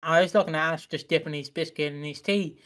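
A man's voice: fairly high pitch, steady tone, quick pace, fairly bright tone. Giggly joking young man. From Britain. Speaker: podcast co-host. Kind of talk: casual chat.

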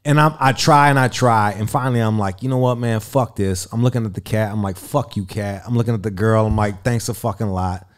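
A man's voice: fairly low pitch, quick pace, few pauses. A man telling a crude story in casual chat, swearing constantly and acting out quotes in a raised voice. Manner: profane, animated, acts out quotes in a raised voice. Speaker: radio personality and interview guest.

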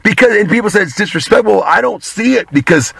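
A man speaking as an interview guest, candid and loose, drifting from point to point and swearing in passing. His voice is bright and forceful. The sound is dry, with no room around it. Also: high-pitched, animated, fast, vocal fry, slightly rough, no room sound. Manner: candid, rambling, swears casually. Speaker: guest, pro wrestler. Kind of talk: casual interview talk.

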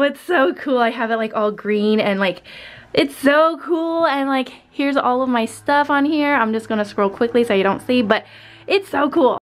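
Woman vlogger, chatty and upbeat, higher voice, filler-heavy casual talk at home. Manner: chatty, says "like" a lot. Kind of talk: casual vlog chat. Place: home office.

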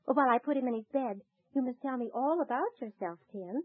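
A kind young lady speaks gently and in a motherly way in a high voice. It is 1940s radio acting on a tinny, phone-like, dry old transcription. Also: brisk, breathy edge, no room sound. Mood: gentle. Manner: gentle, motherly, soft laughs.

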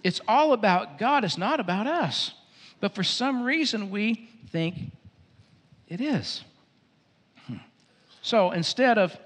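A male pastor preaching in a church venue, emphatic and repetitive, dropping into a quicker, lower storytelling tone at times. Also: a bit bright, in a large hall. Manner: emphatic preaching with repeated phrases, drops low and quick for storytelling. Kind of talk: sermon.

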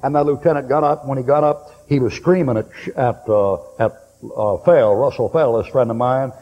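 An older man preaching a sermon, telling folksy war stories and breaking into loud bursts. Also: medium pitch, normal speed, muffled recording. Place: church hall. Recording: long hall reverb.

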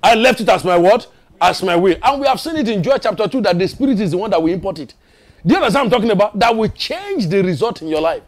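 A man's voice: sits high, big pitch swings. A man from Nigeria preaching a sermon as pastor, emphatic and repetitive, often asking the congregation if they follow. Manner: emphatic, repetitive preaching with quick rhetorical questions.

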